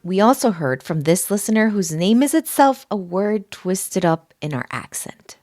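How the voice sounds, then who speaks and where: A woman's voice: medium pitch, expressive, moderate pace, darkish tone, faint music behind. A woman hosting a podcast, asking friendly questions and encouraging her listeners. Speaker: podcast host. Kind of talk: hosted interview and narration.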